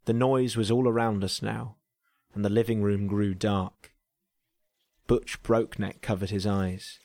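An English man narrating a story in a dry, deadpan way. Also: fairly low pitch, a little slow, no echo.

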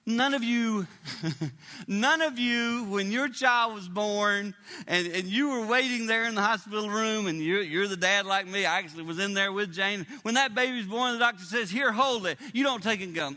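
A man in his sixties preaching a sermon to a congregation, emotional, dropping to hushed whispers and rising to high cries. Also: normal speed, in a large hall. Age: 60s. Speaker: traveling preacher. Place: large hall with a live congregation.

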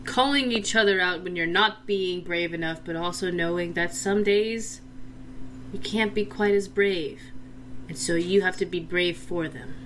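A woman voicing an earnest, inexperienced young male knight who speaks in halting, sincere phrases. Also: fairly low pitch, fairly bright tone, slight background noise, low-quality recording.

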